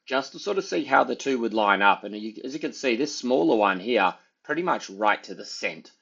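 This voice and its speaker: Peppering his talk with "you know" and "sort of," this man rambles casually through commentary on trading charts. His voice is lowish and a bit bright, and the recording sounds dull and lo-fi.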